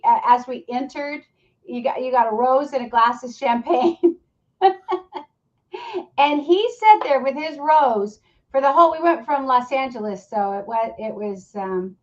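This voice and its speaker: A woman on a casual livestream chat, telling rambling anecdotes with enthusiasm. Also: sits high. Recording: dull lo-fi stream audio.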